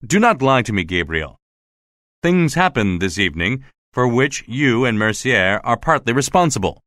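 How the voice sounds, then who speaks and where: A man's voice: medium pitch, sing-song, normal speed, a bit bright, no room sound, studio quality. A man voicing an insistent, suspicious male theater official who keeps pressing questions, in a storybook reading. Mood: demanding.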